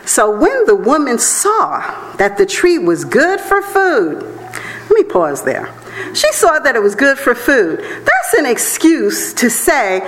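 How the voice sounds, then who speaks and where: A woman preaches with a lively, swooping delivery, her voice sitting fairly high. She talks to the congregation conversationally and laughs often between points. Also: unhurried, rough recording. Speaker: church elder preaching. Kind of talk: sermon.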